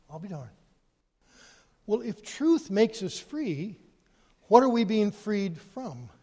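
High-voiced preacher man in a reverberant hall. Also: takes it slowly, pauses often, husky. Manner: animated, swinging from loud emphasis to quiet asides. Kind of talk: sermon.

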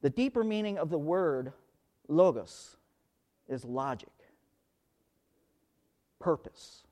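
Male preacher, high voice, slow delivery, emphatic, repeats words. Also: expressive, mellow. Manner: emphatic, repeats key words, searches aloud for verses. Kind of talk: sermon.

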